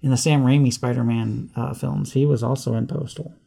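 A man's voice: medium pitch, fairly even intonation, fairly quick, vocal fry, mellow. A man co-hosting a movie podcast, rambling and catching himself mixing up names. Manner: rambling, trips over names and corrects himself. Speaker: podcast co-host. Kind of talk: casual chat.

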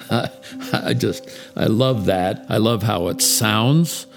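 A man preaching a Christmas Eve sermon, telling a story in a slow, measured way with dramatic pauses. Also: lowish voice, music in the background. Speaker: pastor.

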